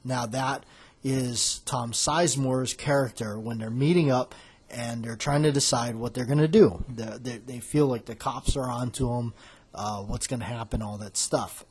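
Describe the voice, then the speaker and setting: Husky man chatting about films. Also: mid-range voice, fairly even intonation, moderate pace, a little mellow. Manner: rambling, loosely acting out quoted lines. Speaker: podcast host. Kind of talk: casual chat, retelling film scenes.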